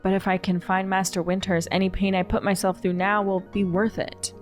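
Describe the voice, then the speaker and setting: A woman's voice: mid-range voice, little pitch movement, brisk, soft background music, close to an everyday voice. A woman reading the lines of a stubborn, driven young swordswoman in a video game, curt and reluctant.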